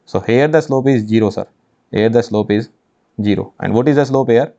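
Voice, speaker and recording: A man's voice: medium pitch, normal speed, gravelly, warm tone. A man teaching engineering maths in an online exam-prep lecture, emphatic, repeating phrases and asking rhetorical questions. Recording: dull lo-fi sound.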